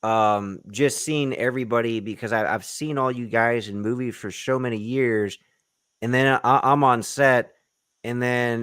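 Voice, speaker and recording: A man's voice: medium pitch, fairly even intonation, a little slow, a bit bright, clean tone, no echo, clean studio sound. A man hosting a casual video-call interview, eager and enthusiastic about the films. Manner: eager, enthusiastic fan of the genre. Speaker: host.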